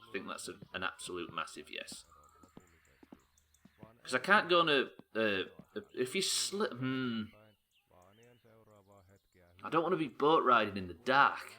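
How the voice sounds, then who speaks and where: A man's voice: medium pitch, sing-song, a little slow, long pauses, sharp tone. A man chatting casually while playing a game on a live stream, swearing and joking as he plans each move. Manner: sweary, joking, thinking aloud. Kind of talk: casual gameplay commentary.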